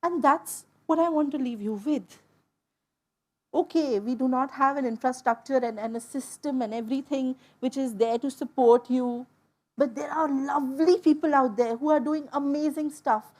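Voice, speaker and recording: A woman from India telling a personal story to an audience, in an emotional, animated way. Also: sits high, normal speed. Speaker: speaker. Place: stage before an audience.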